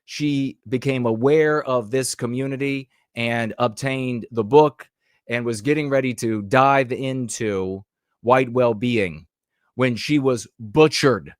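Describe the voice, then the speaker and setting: A man's voice: medium pitch, dry recording, clean studio sound. A man giving heated, emphatic podcast commentary over news clips, with frequent rhetorical flourishes.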